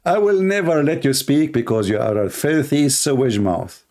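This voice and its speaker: A man's voice: a little high, animated, takes it slowly, darkish tone. A man hosting a live call-in debate stream, mocking and taunting his caller between bursts of laughter.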